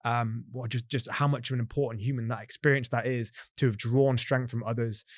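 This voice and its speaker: A fast-talking British man recounts his own hard-won story in a candid, expletive-peppered monologue, doubling back on his words as he goes. The sound is dry and close, with no room around it. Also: medium pitch, fairly even intonation, no room sound. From Britain. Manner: candid, expletive-laden, conversational with frequent restarts. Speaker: podcast host.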